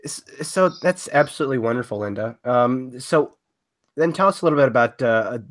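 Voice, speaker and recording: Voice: medium pitch, animated, a little fast. A podcast host asking questions casually, with many fillers and restarts. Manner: hesitant, filler-heavy questioning.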